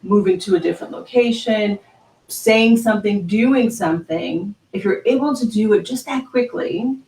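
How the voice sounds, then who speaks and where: A woman's voice: mid-range voice, vocal fry, a little mellow, far from the mic. A woman hosting a motivational live talk, emphatic and chatty, who keeps checking in with "right?". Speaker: host. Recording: roomy sound, voice set back from mic.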